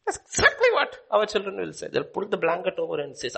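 A man preaching a sermon, swinging from loud declaiming to hushed whispers. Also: high voice, huge pitch swings, quick pace, gravelly, breathy edge.

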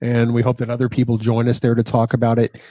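Measured male podcast co-host. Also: medium pitch, completely flat delivery, dark tone, no room sound. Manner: measured, plain-spoken, reads promos. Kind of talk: casual chat.

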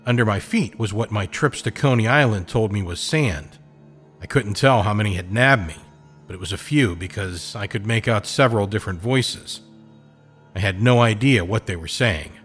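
A man's voice: fairly low pitch, fairly bright tone. A man narrating a pulp adventure in the first person, in a hardboiled, slangy storytelling manner.

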